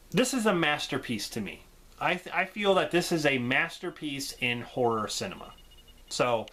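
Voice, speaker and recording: Casting: enthusiastic male vlogger reviewing movies, bright, tense tone. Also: a little high. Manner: enthusiastic, gushing, laughs often. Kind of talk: casual vlog movie review.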